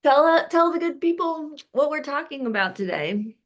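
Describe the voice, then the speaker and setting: A woman hosting a podcast as a relationship coach, chatting casually and laughing often and loudly. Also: high-pitched, expressive, normal speed.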